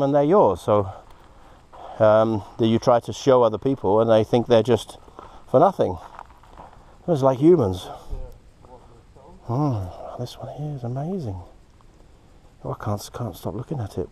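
A man hosting a casual vlog outdoors at a quarry. He talks excitedly, gasping and dropping into breathy whispers. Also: mid-range voice, normal speed, slight background noise. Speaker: host, moldavite hunter.

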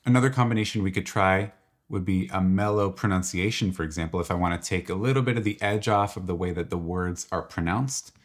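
A man with a low voice walks through music software step by step. He talks in a relaxed, exploratory way, thinking aloud as he clicks. It sounds like a screen-recorded tutorial. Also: brisk. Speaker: tutorial presenter. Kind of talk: software walkthrough.

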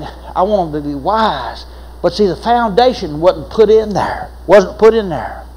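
A man's voice: sits high, rough recording. An older man, preaching a sermon as pastor, telling folksy stories with laughs and repeated phrases.

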